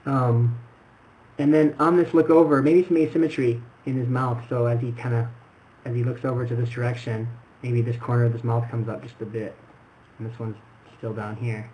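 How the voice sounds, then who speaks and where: A man's voice: mid-range voice, fairly even intonation, normal speed, dark tone, a little hiss or hum, rough recording. A man acting as an animation mentor, explaining a student film critique. He demonstrates as he talks and sometimes restarts his sentences.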